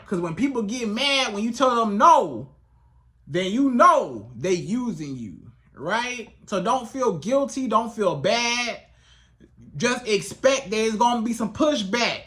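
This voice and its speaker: A relationship coach talking to camera in a lively, colloquial way, often acting out both sides of a conversation. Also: medium pitch. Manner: animated, colloquial, acts out dialogues. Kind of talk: advice vlog monologue.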